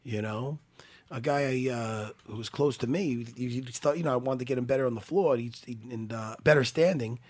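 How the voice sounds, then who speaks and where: A man chatting casually, animated, laughing often and swearing freely. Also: mid-range voice, brisk. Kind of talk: casual chat.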